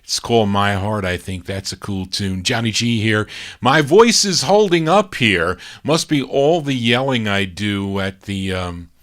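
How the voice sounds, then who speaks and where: A man's voice: fairly low pitch, animated, unhurried, fairly bright tone. A man hosting a record show, chatting casually and rambling through label and release details between songs. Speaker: radio-style record show host. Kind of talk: casual record-spinning DJ chat.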